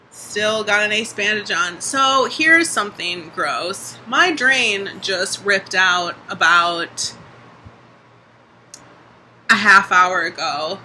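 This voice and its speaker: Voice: medium pitch, extremely slow, long pauses, bright, forceful tone, slight background noise, rough recording. A young adult vlogger talking casually in a video diary, chatty, full of "like" and casual swearing.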